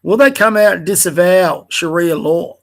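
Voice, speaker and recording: A middle-aged Australian man hosts a livestream, reading social media posts aloud and mocking them in an angry, profane rant full of scornful asides. His voice is high and fairly bright, and he talks at a normal speed.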